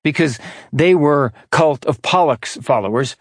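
A man narrating an audiobook in a steady, measured reading voice. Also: on the high side, dry recording, studio quality. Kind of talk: scripted narration.

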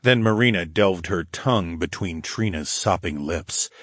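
A man narrating a fantasy audiobook in the first person, with a steady, low growling delivery. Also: a little slow, dry recording, clean studio sound.

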